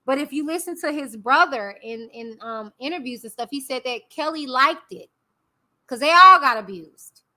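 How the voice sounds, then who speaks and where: Bright, high-voiced woman giving blunt commentary. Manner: candid, opinionated, talks directly to viewers. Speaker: YouTube commentary host. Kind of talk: casual live-stream commentary.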